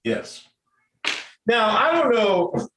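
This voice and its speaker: Animated man in casual podcast banter. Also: high-pitched, very slow. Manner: loose, profane, laughs often. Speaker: podcast co-host. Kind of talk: casual chat. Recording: echoey room with faint noise.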